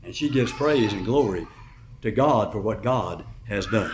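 Preacher, male, animated storyteller in a roomy hall with faint background noise. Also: fairly low pitch, unhurried. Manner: animated, dramatic retelling with emphatic rises. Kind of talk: sermon storytelling.

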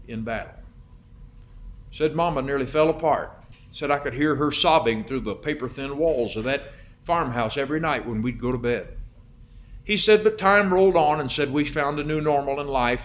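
A man delivers a sermon with a storyteller's touch. His voice sits in a middle register and swells, then falls almost silent for effect. A light hiss runs under the recording. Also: medium pitch. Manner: dramatic storyteller, swings between loud and hushed. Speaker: preacher.

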